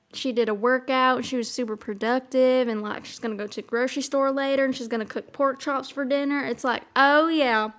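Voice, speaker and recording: A young woman streaming and chatting casually with viewers, bubbly and rambling, often giggling. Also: on the high side. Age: young adult. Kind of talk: casual chat.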